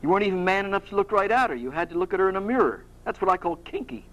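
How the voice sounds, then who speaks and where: A man reading aloud, voicing a sharp, mocking woman who questions a hero with scorn. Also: high voice, animated, very fast, highs cut off. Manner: scornful, cutting.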